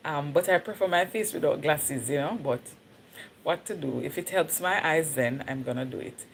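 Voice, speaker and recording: A woman's voice: low voice, normal speed, vocal fry, slight background noise. A Jamaican woman chatting casually on her livestream, slipping into patois and laughing easily. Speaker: livestream host.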